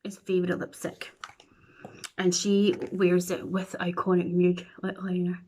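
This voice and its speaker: Slow-talking Scottish woman doing her makeup. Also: fairly low pitch, monotone, a little mellow. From Scotland. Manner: playful, chatty asides while applying makeup. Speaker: beauty vlogger. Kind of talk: chatty makeup tutorial.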